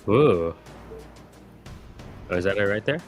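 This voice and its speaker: A man hosts a live stream in a laid-back, playful way. He talks slowly in a lowish voice and hums little tunes while he works. Soft music plays faintly behind him. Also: expressive. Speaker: show host. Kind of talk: casual live stream chat.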